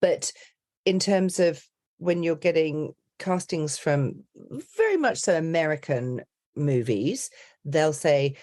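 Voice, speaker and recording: A middle-aged woman from Liverpool with a Scouse accent and a notably low voice. She talks in a chatty, animated way, like an accent coach explaining her work on a podcast, and often slips into quoted voices. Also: slow pace, no room sound, clean studio sound. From Liverpool, England. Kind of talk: podcast interview.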